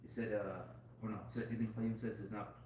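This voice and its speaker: Male student, hesitant questioner, flat lowish voice, far off in an echoey room. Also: moderate pace, a little hiss or hum.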